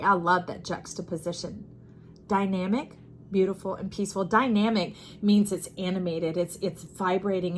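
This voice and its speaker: Animated woman giving a tarot reading. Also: medium pitch, slight background noise. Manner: expressive, animated, repeats phrases for emphasis. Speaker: tarot reader.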